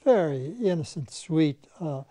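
A man's voice: fairly high pitch, lively intonation, a little slow, dark tone, no echo. An older man, a veteran animation filmmaker, reminiscing in conversation and telling anecdotes in which he mimics the people he quotes.

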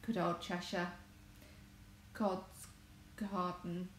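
Speaking from the conservatory of her home, this married adult crafts vlogger from England wanders through relaxed livestream chat and keeps correcting herself. Her voice is on the low side, delivered flatly with drawn-out words. There's an echo in the room and a faint hum of background noise.

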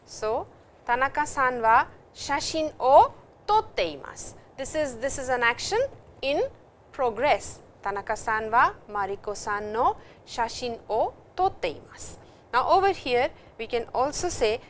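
Indian woman teaching Japanese, lively pitch. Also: measured pace, pauses often, slight background noise. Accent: Indian English. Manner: explains Japanese phrases in English, reads example sentences aloud. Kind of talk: recorded lecture.

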